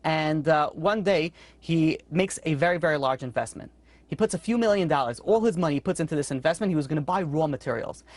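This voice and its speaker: Man, rabbi-teacher, rapid chatty storyteller, dry close mic. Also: expressive, no room sound. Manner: quick, conversational, acts out characters with sudden high-pitched outbursts. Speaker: rabbi teaching a weekly class. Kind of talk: storytelling Torah class.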